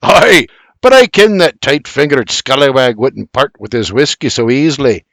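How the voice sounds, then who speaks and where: A man's voice: medium pitch, expressive, moderate pace, fairly bright tone, no echo. A man voicing a crafty, boastful bootlegger who speaks in a broad Scottish-style brogue, in an audiobook. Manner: sly, boastful, broad brogue with dialect words.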